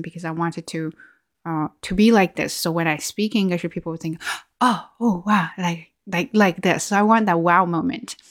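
A woman's voice: on the low side, fairly bright tone, dry recording, clean studio sound. Reflective woman with a Chinese accent. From China. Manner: reflective, with frequent restarts and fillers. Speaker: video host. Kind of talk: casual vlog monologue.

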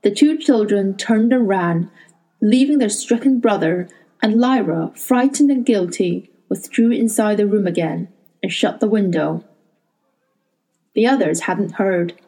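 A woman reading a novel aloud in a steady, measured storytelling voice. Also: medium pitch, poor audio. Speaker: audiobook narrator.

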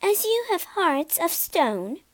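Tiny vengeful fairy, high and grand, a woman doing the voice; dry, close storybook read. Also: big pitch swings, slow pace, dry recording, exaggerated voice. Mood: stern. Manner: lofty, declaring.

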